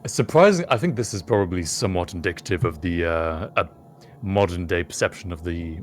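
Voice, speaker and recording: A man's voice: low-pitched, animated, fairly quick. A British man co-hosting a podcast, musing through a casual chat. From United Kingdom. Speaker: podcast co-host.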